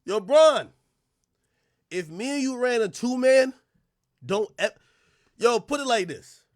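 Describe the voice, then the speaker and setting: A man hosting a livestream, ranting loudly and profanely, often laughing and now and then rapping lines in a casual chat. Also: very high voice, lively intonation, slow, no echo, clean studio sound. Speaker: livestream host.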